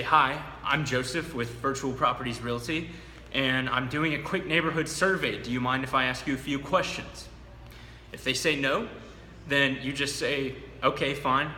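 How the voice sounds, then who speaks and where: A man's voice: mid-range voice, sharp tone. A man working as a real estate agent, explaining a door knocking script in a casual teaching talk and acting it out with enthusiasm. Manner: casual, explaining with fillers, bursts of enthusiasm in demo. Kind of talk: instructional talk with role-play demo. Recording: echoey room with long reverb, faint background hum.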